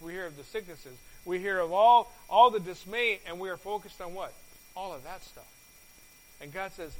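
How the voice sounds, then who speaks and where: A man delivers a sermon in a fairly high voice, often pausing to ask his listeners questions and stumbling over repeated words. His volume climbs to loud peaks and falls back to near-quiet. A faint hum sits under the recording. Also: poor audio. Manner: volume swings from loud to soft. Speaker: pastor.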